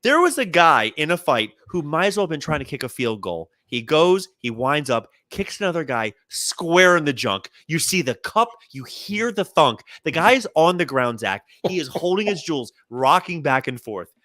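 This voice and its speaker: A man's voice: fairly high pitch, moderate pace, hardly any pauses, dry recording, studio quality. A man co-hosting a comedy podcast, telling news stories in casual chat and acting out the quotes. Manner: animated storyteller, acts out quotes. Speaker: podcast co-host.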